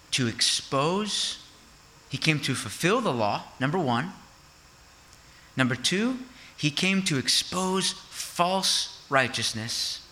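A man's voice: medium pitch, pushed and bright, a little hiss or hum. A man preaching a sermon as pastor, in a conversational style that keeps asking the congregation rhetorical questions.

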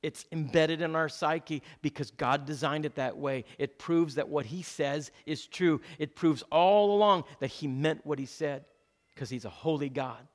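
With a voice pitched slightly high, a male pastor delivers an emphatic sermon that moves from fervent urging to quiet, low passages. Every main point gets repeated slowly, giving the congregation time to write it down.

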